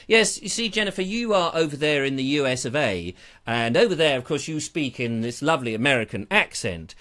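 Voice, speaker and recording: A man's voice: mid-range voice, expressive, brisk, fairly bright tone. A man hosting a live online show in a small studio, rambling and joking on a lapel mic. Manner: jokey, playful, digressive. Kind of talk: rambling live-stream chat.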